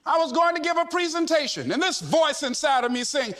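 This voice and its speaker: A man giving a fiery motivational speech, shouting and repeating his points with a preacher's drive. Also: very high voice, animated, fast talker, hardly any pauses. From United States. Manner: fiery, shouting, repetitive exhortation. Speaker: motivational speaker.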